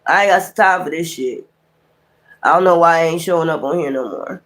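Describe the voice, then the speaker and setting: A woman's voice: deep voice, a little fast, a bit bright. A woman giving a casual tarot card reading in a blunt, exasperated, profane manner, with slangy, rambling street talk. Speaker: tarot reader.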